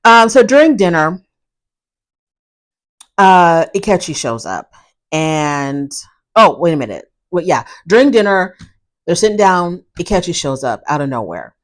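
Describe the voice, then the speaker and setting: A woman recapping a reality TV episode in casual, animated commentary, often acting out what people said. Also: on the low side, unhurried, long pauses. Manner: animated, opinionated, acts out quotes; frequent fillers and restarts.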